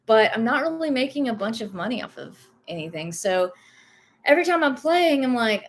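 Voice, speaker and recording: Her voice is on the high side and sing-song, at a moderate pace. A young livestream host and reseller from the rural American South with a light Southern accent, she's sick with Covid yet keeps chatting casually. She rambles and reads viewer comments, with lots of fillers and self-corrections along the way.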